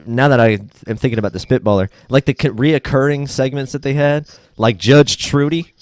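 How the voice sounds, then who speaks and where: A man's voice: medium pitch, moderate pace, no echo. A young man co-hosting a podcast in casual chat, retelling sketches animatedly in goofy voices and swearing freely. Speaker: podcast co-host.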